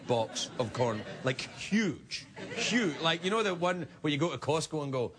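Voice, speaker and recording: A man's voice: on the high side, animated, brisk, a crowd in the background. A man in his thirties telling a comic anecdote, laughing often through his words. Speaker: storyteller. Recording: noisy recording.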